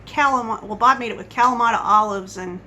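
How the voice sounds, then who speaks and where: Woman vlogger, casual home chat, bright and slightly high voice, rambling and tangent-prone. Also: fast talker, a little hiss or hum, rough recording. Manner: rambling, chatty, goes off on tangents. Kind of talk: casual coffee-chat monologue.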